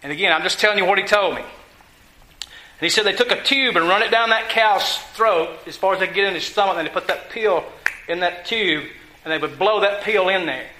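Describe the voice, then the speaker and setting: High, bright-voiced preacher. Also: male voice, fairly quick, a little hiss or hum. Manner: folksy, conversational preaching with rhetorical questions. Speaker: pastor. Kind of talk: sermon. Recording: echoey room.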